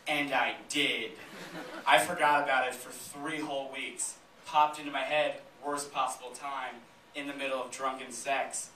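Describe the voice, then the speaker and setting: A man's voice: mid-range voice, steady tone, a little slow, bright, forceful tone. Man doing stand-up in a roomy club. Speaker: stand-up comedian. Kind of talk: stand-up comedy set. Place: comedy theater stage with live audience laughing. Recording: roomy, distant, noisy live club recording.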